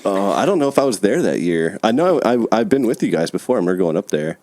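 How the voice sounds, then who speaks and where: A man's voice: on the low side, big pitch swings, quick pace, darkish tone, dry recording. A man in a casual podcast chat, telling stories in a laid-back way, laughing often and saying "dude" and "man". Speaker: podcast guest.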